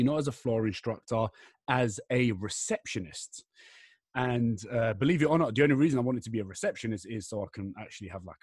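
A man's voice: medium pitch, breathy edge, no room sound, clean studio sound. A young English man hosting a podcast, chatting casually in a rambling, slangy way with his friend. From England. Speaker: podcast host. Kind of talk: casual chat.

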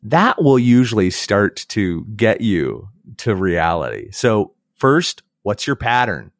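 A man's voice: lowish voice, slow, no room sound, studio quality. A man from the United States, a podcast guest, talking in a reflective, storytelling way and acting out quoted voices. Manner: animated, acts out quoted voices.

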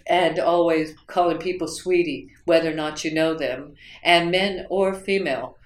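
Speaking at a normal speed with a low voice and fairly even intonation, this woman is a U.S. writing instructor being interviewed about her teaching. Her reflective storytelling wanders, with fillers and restarts, and the audio has a roomy echo.

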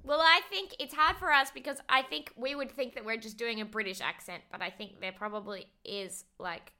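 A woman's voice: fairly high pitch, moderate pace, sharp tone. A woman hosting a podcast, chatting casually and laughing often, slipping into playful silly bits. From Australia. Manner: giggly, playful, bursts into silly voices. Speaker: podcast host. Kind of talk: casual chat.

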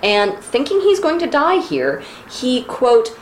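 Woman podcaster from the States, animated swearing rant, lively pitch, echoey room. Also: slow pace, noisy background. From United States. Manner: animated, profane, ranting. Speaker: podcast co-host. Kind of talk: casual chat. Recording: roomy echo.

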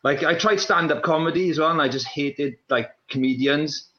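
A young man, a former runner, talking in a casual chat, restless and repeating himself in quick bursts. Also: a little high, sharp tone. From Wales. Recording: roomy, dull lo-fi sound.

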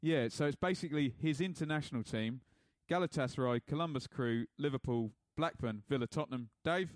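A man's voice: mid-range voice, a little fast, no echo. A man co-hosting a podcast in casual chat, jokey and laughing often as he reads out listener messages. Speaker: podcast co-host.

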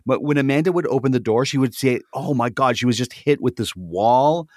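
A man's voice: mid-range voice, expressive, a little fast, warm tone, no room sound, studio quality. A man co-hosting a podcast in casual chat, talking freely and repeating words as he restarts. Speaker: podcast co-host.

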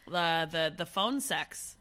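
Sick, raspy Canadian woman podcaster. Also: on the low side, lively intonation, slow, pushed and bright. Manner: joking, frank, laughs often. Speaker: podcast co-host. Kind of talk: casual chat.

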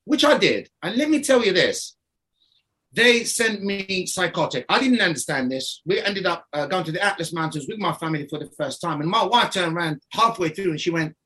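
High, bright-voiced man telling a rambling story. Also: animated, brisk. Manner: rambling, laughing, many restarts. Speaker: guest. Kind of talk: casual storytelling.

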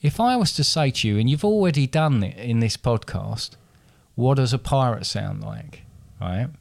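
A man's voice: mid-range voice, expressive, normal speed, vocal fry, dry recording. A man hosting a casual podcast, rambling and correcting himself as he explains. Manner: rambling, self-correcting, chatty. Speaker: podcast host.

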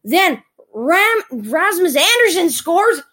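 Very high-voiced, excitable woman fan. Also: slow, low-quality recording. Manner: excitable, teasing, exclaims often. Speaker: hockey fan recapping a game. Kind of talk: playful sports recap monologue.

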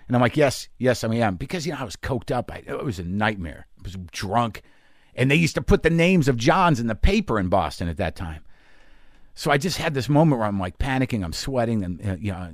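A middle-aged man hosting a podcast, telling a candid comic story in a halting, confessional way full of fillers. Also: medium pitch, expressive, no echo, studio quality. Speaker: podcast host and comedian.

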